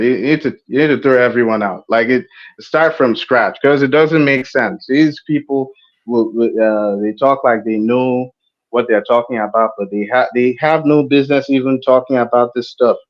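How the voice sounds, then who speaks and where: Male caller, halting speech, muffled call audio. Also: mid-range voice. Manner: halting, many fillers and restarts. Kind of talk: casual chat.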